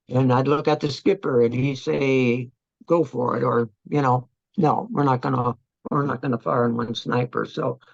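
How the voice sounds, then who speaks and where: Older veteran interviewee, gravelly, reflective, halting delivery, dull close recording. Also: male voice, mid-range voice, dry recording. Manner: halting, reflective, many restarts. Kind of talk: oral history interview.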